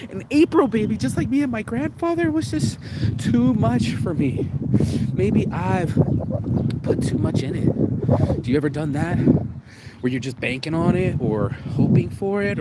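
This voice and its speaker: Shaken man vlogging outdoors, profane and rambling, a bit high-pitched, loud traffic behind. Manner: raw, profane, rambling and confessional. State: shaken from crying. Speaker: vlog host. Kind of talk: emotional walking monologue. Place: outdoors on a street in the rain.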